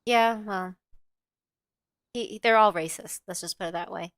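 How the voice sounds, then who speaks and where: A woman's voice: medium pitch, unhurried, fairly bright tone, no echo. A middle-aged woman co-hosting a show, telling a personal story in a candid, rambling way, with lots of fillers and swearing. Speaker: co-host.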